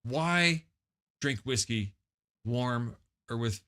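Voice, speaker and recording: Man, mid pitch, bright voice, deadpan crude humor, comedy show co-host. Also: drawn-out words. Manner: crude, deadpan jokes and mock ad reads. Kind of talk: comedic talk show banter.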